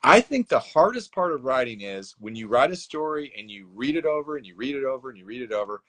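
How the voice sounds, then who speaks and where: A man at an everyday middle pitch, chatting as a guest in a relaxed interview. He rambles and stacks up fillers, and he pokes fun at himself as he goes. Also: quick pace. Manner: rambling, self-deprecating, many fillers. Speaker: guest author. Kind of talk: casual interview chat.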